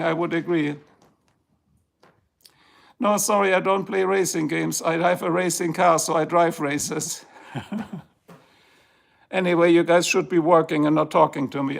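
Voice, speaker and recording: On his live stream, a German man vents from his home by the garage, piling on exaggerated swearing and complaints. His voice runs on the high side and carries vocal fry.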